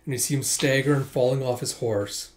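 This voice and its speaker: A man's voice: medium pitch, steady tone, a little fast. Brief: man, casual read-aloud narrator, conversational, fillers. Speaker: manga reader and narrator.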